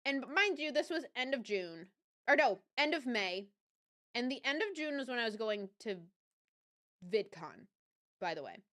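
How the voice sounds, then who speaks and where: A young woman hosting a livestream with a Southern US accent, casually telling a personal story to her chat, chatty and animated, often correcting herself and laughing. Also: sits high, normal speed. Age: young adult. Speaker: livestream host.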